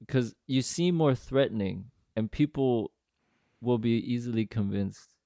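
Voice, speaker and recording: A man's voice: mid-range voice, measured pace, gravelly, mellow, no echo. Joking man on a dry podcast mic. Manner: joking, laughing often, puts on voices in his stories. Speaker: podcast co-host. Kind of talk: casual chat.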